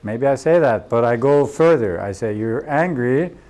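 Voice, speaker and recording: This Norwegian workshop leader runs a coaching session in a community workshop room, using English as a second language without hurrying. His mid-range, darkish voice is expressive at normal speed, and he repeats key phrases for emphasis.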